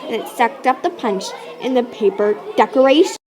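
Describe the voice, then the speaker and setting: A woman reading a children's story aloud with expressive, playful narration and sound effects. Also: on the high side, normal speed, a crowd in the background. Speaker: storybook reader.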